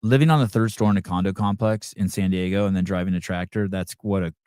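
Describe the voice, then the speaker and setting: A man's voice: low voice, steady tone, fast, a little mellow, smooth, dry recording, clean studio sound. A man hosting a podcast, chatting casually with a guest, swearing now and then. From California. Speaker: podcast host.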